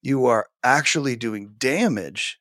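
An animated podcast guest, a man in his forties who teaches and writes books, talks in a casual conversational interview from his home office, full of fillers and false starts. His mid-range voice is expressive, unhurried and a bit bright, on a dry, clean studio recording.

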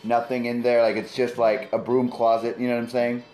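A man's voice: mid-range voice, level tone, fairly quick, darkish tone, echoey room, poor audio. A man co-hosting a podcast, cracking jokes and wordplay in casual chat. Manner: joking, goofy bits and wordplay. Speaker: podcast co-host.

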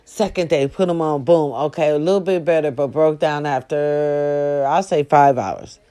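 A woman sitting on her bed, in pain, telling a profane, animated story straight to her viewers. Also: deep voice, moderate pace. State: sore, in pain. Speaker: vlogger. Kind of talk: casual storytelling vlog.

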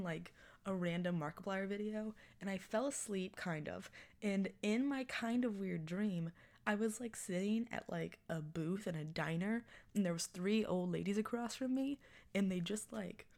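A woman's voice: medium pitch, a little mellow. A woman in her early twenties hosting her own podcast in casual chat, rambling and self-mocking, laughing often. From Texas. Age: 20s. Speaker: podcast host.

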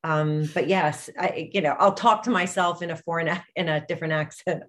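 A woman with a low voice talks casually as an interview guest. She laughs easily and trails off into fillers as she explains herself. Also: steady tone, brisk, a bit bright. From grew up in London. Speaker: author guest.

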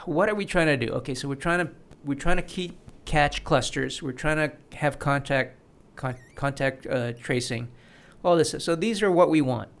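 A man's voice: on the high side, normal speed, creaky, hardly any pauses. A man hosting a casual studio conversation, explaining his opinions at length with frequent restarts. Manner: opinionated, talks in long explanatory runs with restarts. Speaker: podcast host.

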